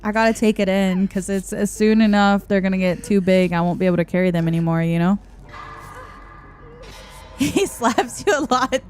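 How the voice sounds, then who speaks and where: A young adult woman streaming a game, chatting casually, answering her chat and laughing often. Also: medium pitch. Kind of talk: casual live-stream chat while gaming. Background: soft background music.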